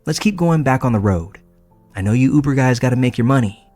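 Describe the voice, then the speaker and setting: A man's voice: mid-range voice, lively intonation, a little fast, darkish tone, soft background music, close to an everyday voice. A man voicing a creepy, giggling country woman who talks in an eerily cutesy way.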